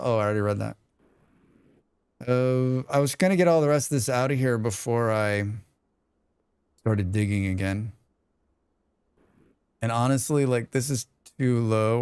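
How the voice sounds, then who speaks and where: A man's voice: mid-range voice, a little mellow, clean tone, no echo. A man streaming a game live, chatting casually with viewers and talking to himself as he plays, rambling and swearing freely. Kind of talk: casual live-stream chat while playing.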